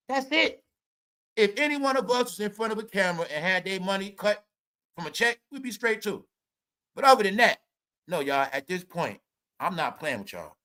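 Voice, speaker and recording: A man hosting a casual celebrity gossip rant, swearing, laughing often and talking straight to his viewers. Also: high voice. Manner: loud, laughing, swearing, addresses viewers as y'all. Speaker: commentary host.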